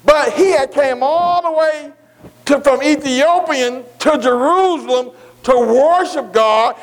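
With a very high voice, a preacher stretches out each word as he slowly reads scripture. He then turns to the congregation with questions, repeating phrases to drive points home.

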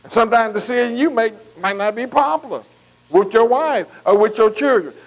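A man's voice: very high voice, lively intonation, fairly quick, poor audio. A man preaching a folksy sermon, calling out to the congregation. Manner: folksy, call-and-response preaching with dialect.

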